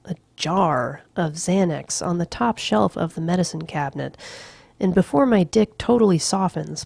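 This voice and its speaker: A woman reads a novel aloud in a slow, hushed manner, slipping into whispers now and then. Her voice is low and gravelly. The sound is dry and close, with no room echo. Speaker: reader. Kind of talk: audiobook-style novel reading.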